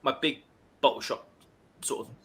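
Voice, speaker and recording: A man's voice: moderate pace, a bit bright. A man hosting a casual live stream, chattily reading out viewer comments and greeting people.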